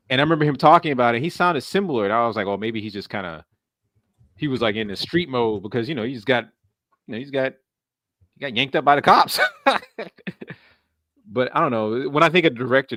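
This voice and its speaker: A man hosting a casual podcast chat, animated and rambling, often laughing and restarting his sentences. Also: fairly low pitch, no room sound. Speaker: podcast host.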